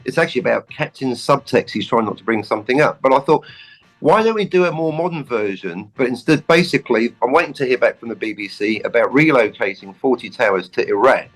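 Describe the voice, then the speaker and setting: A man co-hosting a podcast, talking about an old sitcom in a rambling, jokey way with lively restarts. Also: medium pitch, quick pace, rough recording. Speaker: podcast co-host. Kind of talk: casual film chat.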